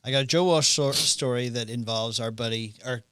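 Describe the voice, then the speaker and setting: Animated podcast storyteller, man, bright and forward voice, dry close mic. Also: medium pitch, brisk, smooth, no room sound. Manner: animated storyteller who acts out quotes. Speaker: podcast co-host. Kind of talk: casual chat, anecdote telling.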